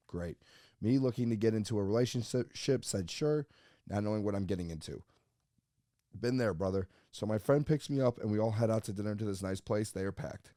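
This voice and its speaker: A man's voice: fairly low pitch, dark tone, no echo, clean studio sound. A man hosting a comedy podcast, reading a listener post aloud and joking about it in casual chat. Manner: joking, reads listener posts aloud and riffs on them. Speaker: podcast host.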